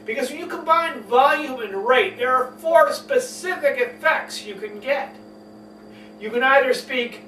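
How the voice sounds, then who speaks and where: A man teaching public speaking, talking emphatically and deliberately swinging between loud and soft, fast and slow. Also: extremely high pitch. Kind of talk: spoken lesson on public speaking. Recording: echoey room, mic at a distance, faint hum.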